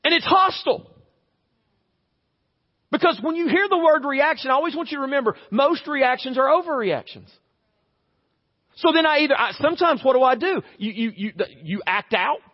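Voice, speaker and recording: A pastor with a strikingly high voice delivers a chatty, funny sermon, slipping into quick everyday scenes. His voice rings out through a long church-hall reverb, and the recording sounds a little dull. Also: animated. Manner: conversational, humorous, acts out little scenes. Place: church sanctuary.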